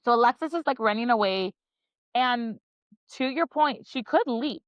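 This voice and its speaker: A woman hosts a book podcast and recaps chapters in loose, excited chat. She keeps dropping "like" as she goes. The recording is dry and a little muffled. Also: on the high side, moderate pace, no echo. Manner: enthusiastic, frequent "like" fillers. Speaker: podcast host. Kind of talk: casual book-club chat, summarizing chapters.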